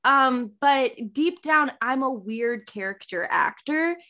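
A young woman hosts a casual podcast chat, her voice sitting high. She tells her stories in a loose, rambling way, circling back with fillers and restarts as she goes. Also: slow. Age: young adult. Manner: rambling animated storytelling, many fillers and restarts. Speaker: podcast host.

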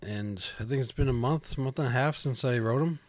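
A man's voice: mid-range voice, brisk, a little mellow. A man chatting casually, laid-back and hesitant, with many fillers and frequent laughs. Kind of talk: casual chat.

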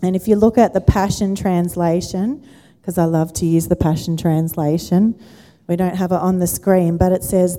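A woman's voice: lowish voice, steady tone, moderate pace, dark tone. A woman pastor, giving a conversational sermon and asking the congregation questions. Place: church auditorium. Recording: church hall with long reverb.

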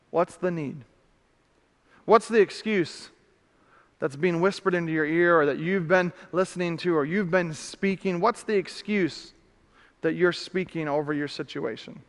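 A male pastor preaching a sermon, animated, swinging from loud emphasis to hushed questions. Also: a little high. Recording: reverberant hall.

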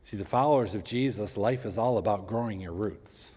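A man's voice: lowish voice, husky. Man preaching, acts out the people in his stories, drops almost to a whisper to make a point, big echoey hall. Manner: animated storytelling, acts out the people in his story; slows down and drops to near whisper for emphasis. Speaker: pastor. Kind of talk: sermon. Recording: long hall reverb.

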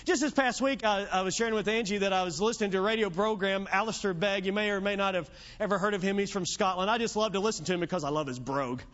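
A man with a notably high voice preaches an evening sermon, chatty and fond of jokes. He retells the story in his own easygoing words. The recording is dull and lo-fi, as if taped in a church. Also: quick pace, hardly any pauses, fairly bright tone. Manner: conversational, joking storyteller.

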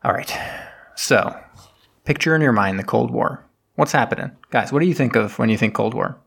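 A man telling a film's story in loose, casual conversation, speaking at a middling pitch. He rambles, stops for fillers and throws in asides as he goes. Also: normal speed, gravelly, a bit bright, breathy edge. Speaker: podcast co-host retelling a film plot. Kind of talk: casual chat.

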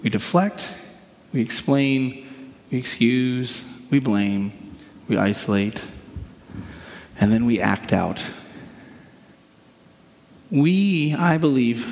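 A man's voice: medium pitch, takes it slowly, long pauses, darkish tone, big-room sound. A man preaching a sermon in a conversational way, acting out quotes as he explains scripture. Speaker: pastor.

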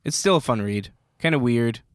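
A man talks casually about comics and laughs easily, his words often trailing off into quieter asides. His voice is smooth and resonant, recorded close and dry with no room sound. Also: mid-range voice, lively intonation, normal speed, no echo. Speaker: podcast co-host.

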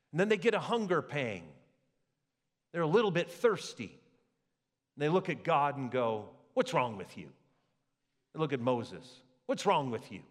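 A man preaching a sermon as a pastor, with lively rhetorical questions to the congregation. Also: sits high. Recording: long hall reverb.

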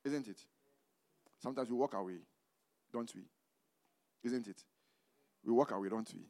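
A man from Ghana preaching a sermon as a pastor, calling for the congregation to finish his phrases and moving between loud proclamation and quiet asides. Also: normal speed. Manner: call-and-response preaching, asking "what?" for the congregation to finish; swings between loud emphatic proclaiming and low conversational asides.

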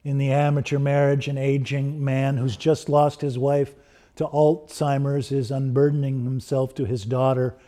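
A man's voice: medium pitch, warm tone. A male preacher giving an earnest sermon that builds into a fervent closing prayer.

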